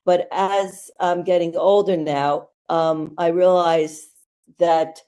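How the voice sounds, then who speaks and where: An American nurse appears as a podcast guest, telling stories candidly and conversationally, blunt and rambling with fillers. Her voice is fairly low, level and dark, and she takes her time.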